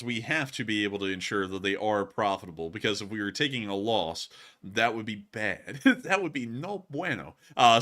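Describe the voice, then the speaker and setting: Male livestream host, casual chat, bright voice, very lively pitch, laughs often. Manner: animated, laughing, repeats thanks. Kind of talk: casual livestream chat reading super chats.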